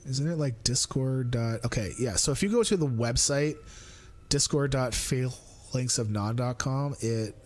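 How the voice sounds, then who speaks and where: A man's voice: medium pitch, measured pace. A man live-streaming a game in casual chat, thinking aloud, mumbling asides and teasing himself. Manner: self-mocking and playful.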